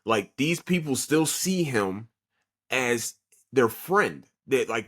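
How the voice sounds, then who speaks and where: A man hosting a podcast, casually reviewing an anime with a profane, excitable retelling full of fillers. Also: medium pitch, slow pace. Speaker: podcast host.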